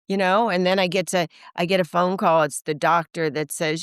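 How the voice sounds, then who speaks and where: Speaking in a lowish voice, this woman talks fast and smoothly with hardly a pause. She's in her sixties and appears as a podcast guest, animatedly telling casual stories, doing voices for quoted lines and leaning on "like" a lot. The recording is dry and studio clean.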